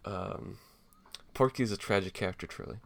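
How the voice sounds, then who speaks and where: A man's voice: sits low, normal speed, vocal fry, a bit bright, slight background noise. A young man chatting casually as a podcast co-host, reading and riffing on a comic, swearing freely. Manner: laid-back, swears a lot, many fillers.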